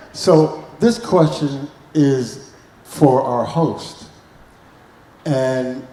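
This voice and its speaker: A man moderating a live artist Q&A, asking questions in a measured way. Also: medium pitch, darkish tone, echoey room, a little hiss or hum.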